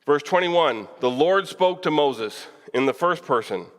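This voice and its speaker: A man speaks a little slowly, his slightly high voice full of lively intonation, as he teaches a Bible class in a church hall. His preaching is casual and conversational, with questions to the room and the odd chuckle. The recording carries long church reverb.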